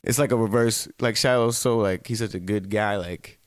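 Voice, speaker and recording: A man's voice: on the low side, normal speed, no room sound, studio quality. A man hosting his own web show alone, talking straight to viewers in a playful, rambling way. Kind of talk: casual solo talk-show monologue.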